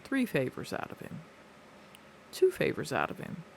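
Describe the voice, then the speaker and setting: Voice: mid-range voice, wildly swooping pitch, normal speed, vocal fry. A terse mercenary who cares only about the reward, voiced by a tabletop player. The delivery is blunt and businesslike, and faint background noise sits under the voice.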